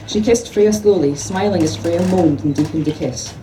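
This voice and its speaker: A woman's voice: lowish voice, normal speed. A woman author reading a passage from her novel aloud at a festival panel. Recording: roomy hall from far off, noise.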